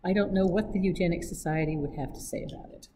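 A woman reads a cheeky young Englishman who mocks every threat with light, teasing ease. The voice sits low for a woman. A clear hiss of noise runs under the recording. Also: fast, mellow, natural voice, low-quality recording. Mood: mocking. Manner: flippant, teasing. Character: breezy, mocking young Englishman adventurer.

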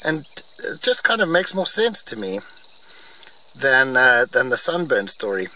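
A man's voice: medium pitch, big pitch swings, unhurried. A man on a game drive giving rambling, opinionated, wry commentary outdoors from a vehicle. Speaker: vlogger on safari. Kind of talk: casual commentary. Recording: distant mic, faint outdoor noise.

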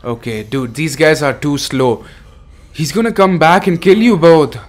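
Young man, streamer, horror game commentary, excitable, swearing, slightly high. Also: measured pace. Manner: excitable, swearing, says "bro" a lot. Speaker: gaming streamer.

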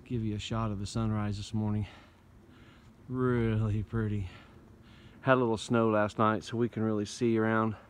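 Folksy Indiana man, low voice. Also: flat delivery, moderate pace, slight background noise, poor audio. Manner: easygoing, rambling, folksy. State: out of breath while hiking uphill. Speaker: bushcraft vlogger. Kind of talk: casual narration to camera. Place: outdoors in winter woods. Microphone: phone held in hand.

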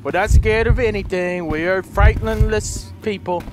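A young man playing a horror game, talking to his viewers, swearing and yelling in panic at the monsters. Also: high-pitched, steady tone, normal speed, background noise. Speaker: let's play gamer. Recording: loud game music behind. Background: game music.

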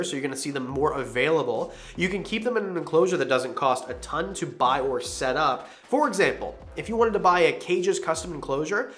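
A man's voice: a little high, fairly bright tone. A young man hosting a reptile channel, talking casually and enthusiastically in a rambling way. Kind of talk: casual vlog talk.

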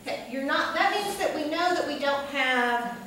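A woman's voice: high-pitched, lively intonation, moderate pace. A woman teacher lecturing a class, often checking in with "okay?". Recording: echoey classroom from far off, noisy.

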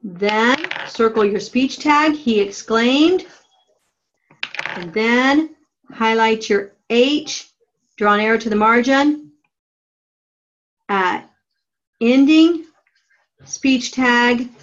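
A woman teaching a writing class, giving slow, methodical step-by-step instructions on punctuation. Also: on the high side, muffled recording. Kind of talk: classroom grammar lesson.

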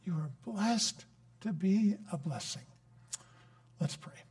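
A man's voice: high-pitched, animated, takes it slowly, long pauses, darkish tone. A man preaching a sermon as a guest speaker, earnest and storytelling, who builds into a fervent closing prayer.

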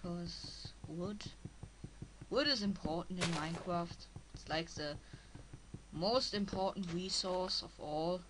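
A native German speaker with a strong German accent plays a game as a let's player, giving halting, casual commentary and talking to herself. Her voice is on the low side, with a noisy background.

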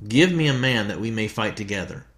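A man's voice: fairly low pitch, lively intonation, brisk, a bit bright. A man reading the lines of a menacing giant warrior in a raised, taunting voice.

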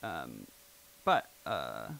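A man's voice: very deep voice, wildly swooping pitch, extremely slow, vocal fry, sharp tone, a little hiss or hum, low-quality recording. A man presenting at a live event, talking casually and rambling with lots of "like" and "um" fillers. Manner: rambling, filler-heavy, with frequent "like" and "um".

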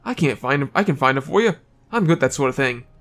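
A man's voice: medium pitch, animated, fast, fairly bright tone, soft background music. A man reading game lines as a brash, crude and admiring game character. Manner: crude, enthusiastic.

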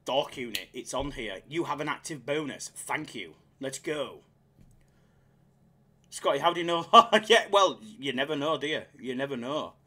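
A man chatting casually on his live slots stream, excitable and self-mocking, swearing freely as he reads the chat. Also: medium pitch, moderate pace, breathy edge.

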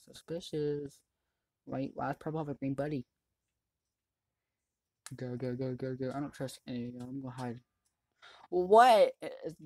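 Excitable let's-play host, chatty commentary with sudden yelling, mid pitch, dry close mic. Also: a little slow, pauses often, no echo. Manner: excitable, yells at other players; chatty running commentary on the game. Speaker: gaming channel host.

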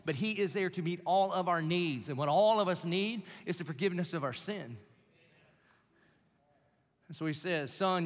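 Pastor preaching in a big echoey church, punchy bright voice, swings from quiet asides to loud. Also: male voice. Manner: conversational preaching with dramatic swings from low asides to loud emphatic bursts. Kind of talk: sermon. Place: large church hall. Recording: live sermon in a reverberant hall.

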